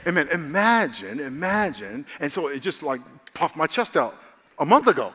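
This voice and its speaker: Animated preacher in a reverberant hall. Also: male voice, on the high side, moderate pace, slightly rough, faint music behind. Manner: animated, rising to excited shouts; calls for amens from the congregation. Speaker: pastor. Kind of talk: sermon.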